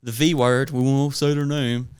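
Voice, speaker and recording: A man, co-hosting a casual podcast and ranting with constant profanity and animated retellings. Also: mid-range voice, moderate pace, clean tone. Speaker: podcast co-host. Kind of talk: casual chat.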